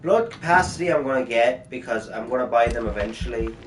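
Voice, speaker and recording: A man's voice: mid-range voice, lively intonation, fairly quick. An Irish man streaming a video game live, rambling through his choices with wry, casual remarks and the odd swear. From Ireland. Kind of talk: live gameplay commentary. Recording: echoey room with faint noise.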